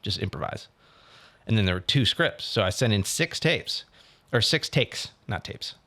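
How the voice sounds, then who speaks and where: A young man co-hosting a podcast, telling a story in a casual, animated way and acting out what other people said. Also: fairly low pitch, normal speed. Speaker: podcast co-host. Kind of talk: casual chat.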